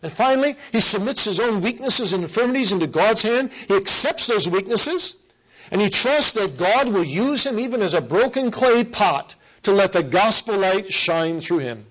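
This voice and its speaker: Earnest preaching man, fairly high voice. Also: animated, a bit bright, rough recording. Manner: earnest, emphatic repetition with slow stressed phrases. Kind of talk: sermon.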